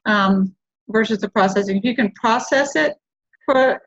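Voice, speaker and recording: A woman's voice: a little high, moderate pace, a bit bright. Woman host chatting on a lo-fi recording. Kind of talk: casual talk show chat.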